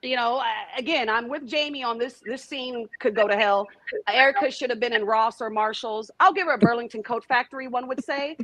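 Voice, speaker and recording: A woman's voice: a little high, fairly quick, a bit bright, no echo, poor audio. A woman on a video-call review panel, bold and dismissive with playful jabs. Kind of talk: casual review chat.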